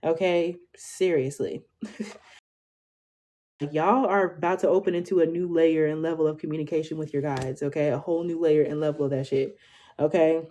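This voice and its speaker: Chatty, low-voiced young woman reading tarot. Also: fairly even intonation, moderate pace, dark tone. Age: 20s. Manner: chatty, swears freely, keeps asking "okay?". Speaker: tarot reader. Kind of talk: casual tarot reading for viewers.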